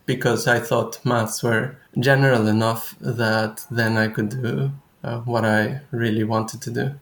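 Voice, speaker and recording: A young man speaking as a guest researcher in a casual conversation, thoughtful and halting, often restarting his sentences. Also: mid-range voice, little pitch movement, roomy sound.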